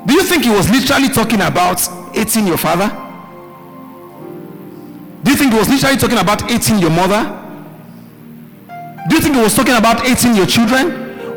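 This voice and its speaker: A male pastor preaching a live midweek sermon, calling out questions for the congregation to answer and shouting key words. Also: sits high, expressive, a little fast, pauses often. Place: church hall with live congregation. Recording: live hall recording, reverb, faint music.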